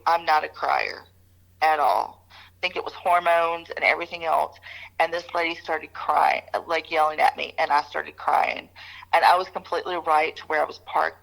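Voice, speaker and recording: A woman's voice: deep voice, vocal fry, a bit bright, poor audio. A woman co-hosting an advice podcast, candidly telling personal stories in casual chat. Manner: candid storytelling. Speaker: podcast co-host.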